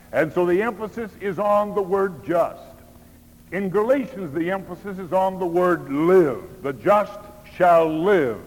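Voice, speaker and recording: A man's voice: high voice, a little mellow. Man preaching in a reverberant church. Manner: slow, measured preaching with emphatic pauses. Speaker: pastor. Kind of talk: sermon. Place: church auditorium. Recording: long hall reverb.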